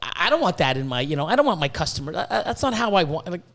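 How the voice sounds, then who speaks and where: Male podcast host, fairly high voice, swears constantly, stumbles over restarts while ranting. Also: sing-song, racing, gravelly, fairly bright tone. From Canada. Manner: profane, worked-up, repetitive stammering restarts. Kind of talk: casual ranting podcast talk.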